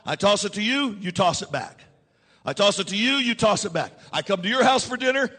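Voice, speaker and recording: A man preaching a sermon, repeating his lines, calling for responses and rising to shouts. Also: high-pitched, expressive, fairly quick, breathy edge, in a large hall. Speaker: pastor.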